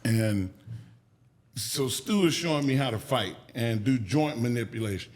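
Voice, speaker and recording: A man's voice: medium pitch, measured pace. A man telling stories as a podcast guest, casual and profane, acting out the people he quotes. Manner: animated, acts out quoted people with raised voice. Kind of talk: storytelling in a podcast interview.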